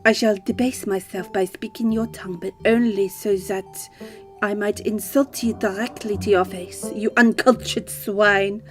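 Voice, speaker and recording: A woman's voice: mid-range voice, steady tone, a little slow, soft background music, natural voice. A woman voicing a haughty, snobbish female house cat in a game, drawling out scornful lines. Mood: disdainful.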